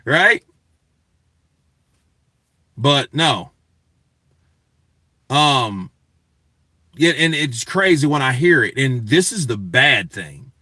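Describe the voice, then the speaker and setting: Bright-voiced man ranting on a show. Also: mid-range voice, no room sound, clean studio sound. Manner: profane, emphatic, talks to chat. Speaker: boxing news show host. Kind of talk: casual commentary rant.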